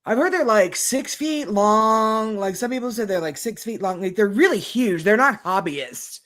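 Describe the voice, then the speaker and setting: A woman's voice: medium pitch, lively intonation, normal speed, fairly bright tone. Woman, podcast co-host, casual chat, rambling, hedging. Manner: rambling, hedging, many fillers.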